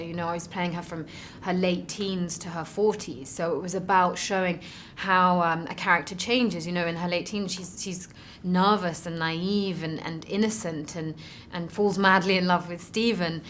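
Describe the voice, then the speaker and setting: An actress in a press interview, speaking earnestly and reflectively as she searches for her words. Her voice sits a little low for a woman. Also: fairly even intonation, moderate pace, a bit bright, slight background noise.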